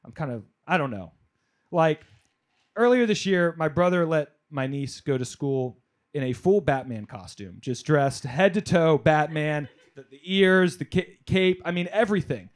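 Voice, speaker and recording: Male stand-up comedian, lively delivery, slightly higher voice, live club stage. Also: normal speed. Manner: animated storytelling, crowd work, shouted punchlines.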